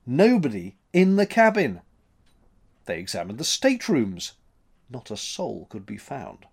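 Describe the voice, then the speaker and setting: A man reading a story aloud as narrator, in an expressive, dramatic manner. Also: mid-range voice, a little slow, creaky, breathy edge.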